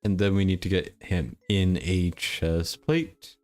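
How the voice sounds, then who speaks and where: A young man casually talking through a game stream in a low-key, near-monotone way, reading chat aloud. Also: slow, soft background music. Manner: laid-back, mumbling, reads chat aloud.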